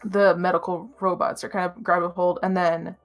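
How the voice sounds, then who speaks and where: A woman's voice: lowish voice, little pitch movement, normal speed, faint music behind. A woman narrating as game master of a tabletop game, talking in a hesitant way with many fillers.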